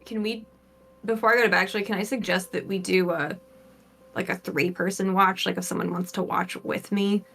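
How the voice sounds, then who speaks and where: A woman's voice: mid-range voice, steady tone, fairly quick, vocal fry, a bit bright. A woman playing a tabletop game, making tentative suggestions. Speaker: player. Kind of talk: casual chat at a tabletop game.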